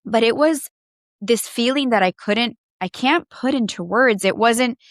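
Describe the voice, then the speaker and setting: A woman's voice: fairly high pitch, a little slow, no room sound, clean studio sound. A woman co-hosting a podcast in casual chat, emotional and rambling, with many restarts and trailing thoughts. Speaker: podcast co-host.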